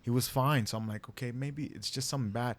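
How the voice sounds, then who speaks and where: Animated man telling a story, dry sound. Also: mid-range voice, quick pace, no echo. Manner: animated, swearing, laughing storyteller. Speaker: podcast co-host. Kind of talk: casual storytelling chat.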